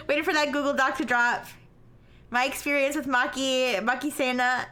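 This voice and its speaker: High, bright, giggly woman streamer. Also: steady tone, moderate pace, soft background music. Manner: giggly, teasing reactions. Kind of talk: reading a visual novel aloud with live commentary.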